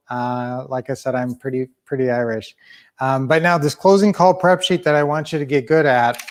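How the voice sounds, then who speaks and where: A man coaching his viewers in a casual live stream, with an upbeat, rambling manner and frequent self-corrections. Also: fairly high pitch. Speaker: sales coach and teacher.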